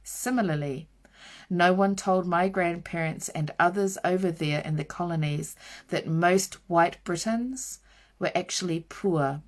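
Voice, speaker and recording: A woman reading a nonfiction book aloud, slow and deliberate, leaning hard on each word of a list. Her voice sits fairly low and has a steady gravelly fry running through it. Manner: measured, emphatic reading with stressed lists.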